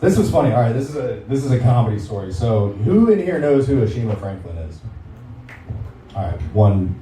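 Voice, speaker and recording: A man's voice: mid-range voice, big pitch swings, brisk, mellow, slight background noise. A young man doing a stand-up set in a comedy club, crude, rambling and self-mocking. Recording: roomy club sound from a distance.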